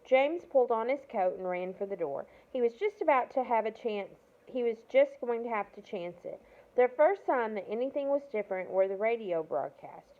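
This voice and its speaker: A woman's voice: fairly high pitch, animated, moderate pace, mellow. A woman reading a children's novel aloud, now and then stumbling and correcting herself. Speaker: reader of a novel. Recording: tinny phone-like audio.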